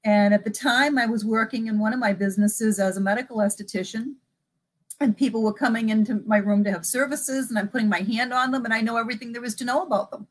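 A middle-aged woman, a psychic medium, chatting in an interview and acting out both sides of remembered conversations with lively energy. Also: fairly high pitch, fast talker. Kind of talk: casual interview storytelling.

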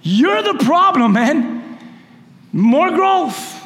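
A high-pitched man preaching with fire, dropping from ringing shouts to near-whispers. His voice carries a long reverb through a church hall. It is a passionate sermon with the congregation addressed directly. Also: very animated, extremely slow. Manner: impassioned, swings from shouting to hushed. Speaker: pastor.

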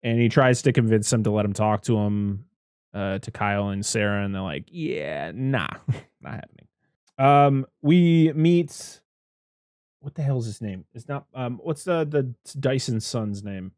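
A man's voice: mid-range voice, measured pace, darkish tone, dry recording, studio quality. A man in casual podcast chat, rambling through a movie recap, swearing freely and acting out the characters' lines.

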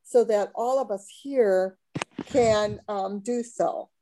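Slow, mellow-voiced hesitant woman. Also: mid-range voice, slight background noise, rough recording. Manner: hesitant, many ums. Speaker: audience member asking a question.

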